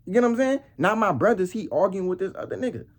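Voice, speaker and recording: Young male vlogger, husky voice, heated slang-heavy rant. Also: high voice, lively intonation, fast talker. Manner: heated street slang, repeats "bro" and "nigga". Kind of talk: casual storytelling rant.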